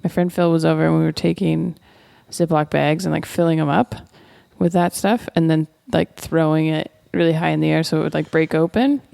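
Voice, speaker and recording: A woman's voice: low voice, fairly even intonation, brisk, creaky, mellow, no room sound, studio quality. A young adult woman co-hosting a casual podcast, telling stories with lots of fillers and some teasing. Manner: filler-heavy, teasing storytelling. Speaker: podcast co-host. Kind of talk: casual chat.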